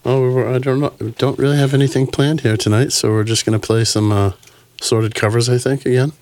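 A man's voice: medium pitch, fairly even intonation, fairly quick, darkish tone, dry recording. A man co-hosting a music stream, teasing his partner in casual banter and laughing often.

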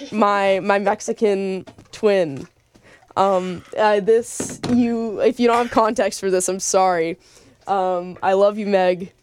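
A woman's voice: medium pitch, darkish tone, smooth, dry recording. A young woman hosting a late-night radio show, chatting casually and rambling with lots of fillers and restarts. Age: young adult.

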